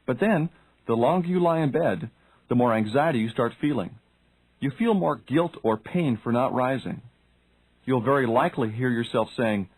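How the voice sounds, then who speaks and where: A man's voice: mid-range voice, moderate pace, dry recording, rough recording. Man narrating a self-help audiobook. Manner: direct, addresses the listener with questions.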